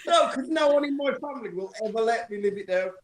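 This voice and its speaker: A man's voice: very high-pitched, expressive, quick pace, a little hiss or hum. A man on a live stream chat making wry, self-deprecating remarks.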